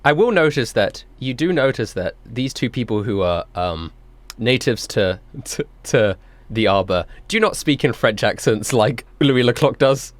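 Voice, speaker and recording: A man's voice: mid-range voice, animated, unhurried, few pauses, dry recording. A man running a tabletop game as game master, narrating casually with hesitant fillers.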